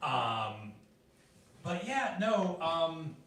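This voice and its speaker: A man doing stand-up at an open mic, telling stories in an animated way and jumping into high voices for the people he quotes. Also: drawn-out words. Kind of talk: stand-up storytelling. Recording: echoey room, from a distance.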